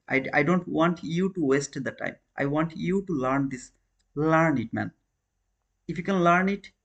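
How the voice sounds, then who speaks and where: Guy live trading stream, kinda high voice, english, earnest, keeps saying man and brother. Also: fairly bright tone. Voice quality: non-native English, repeats phrases. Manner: earnest, questions viewers, calls them man and brother.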